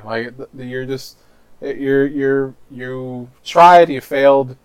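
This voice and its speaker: A man's voice: medium pitch, steady tone, slow, clean tone, no echo. A man in casual chat who talks bluntly and plainly, often restarting his words. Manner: blunt and matter-of-fact, with stumbling restarts.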